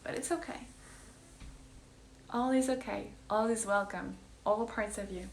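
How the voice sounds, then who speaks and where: A woman's voice: mid-range voice, measured pace. Earnest woman in an echoey room. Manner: earnest, emphatic, drops to whispers. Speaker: wellness coach. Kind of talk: casual heartfelt monologue.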